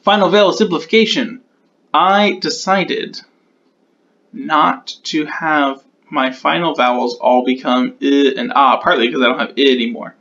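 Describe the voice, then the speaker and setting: A man's voice: mid-range voice, measured pace, a bit bright, muffled recording. Man thinking aloud through sound-change rules. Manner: thinks aloud, corrects himself mid-sentence. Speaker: conlang creator explaining sound changes. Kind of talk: casual explanatory walkthrough.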